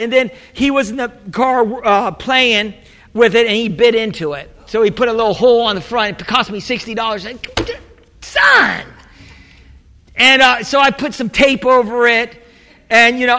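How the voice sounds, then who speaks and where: A man preaching a sermon as a pastor, telling a rambling story with laughs, asides and sudden shouted exclamations. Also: high-pitched. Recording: long reverb in a large hall.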